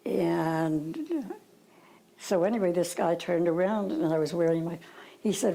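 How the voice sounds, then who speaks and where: A woman's voice: lowish voice, lively intonation, a little slow, vocal fry, mellow, a little hiss or hum, rough recording. An older woman with an Irish accent, telling stories from her past in a rambling, hesitant way with fillers and asides. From Ireland. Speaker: interviewee. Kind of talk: reminiscing storytelling.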